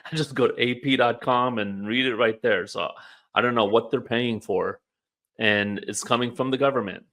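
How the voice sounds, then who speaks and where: A man's voice: mid-range voice, moderate pace, fairly bright tone. A man co-hosting a political talk show, casual and wry, musing aloud with rhetorical questions. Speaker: podcast co-host. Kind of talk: political commentary chat.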